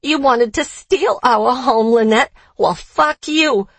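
Woman doing a gloating female killer, grating Boston accent, pitched up and husky, loud and mocking. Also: slow, no echo, full character voice. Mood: spiteful. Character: boastful unhinged woman murderer, gloating villain.

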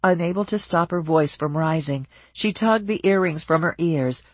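A measured audiobook narrator carries the story at an even pace. The voice is husky and close, recorded dry. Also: mid-range voice, no room sound.

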